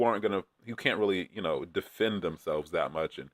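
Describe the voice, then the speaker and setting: A man's voice: sits low, expressive, brisk, dry recording, studio quality. A man chatting casually in a rambling, profane way, with many fillers, as he recaps a reality show. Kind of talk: casual chat.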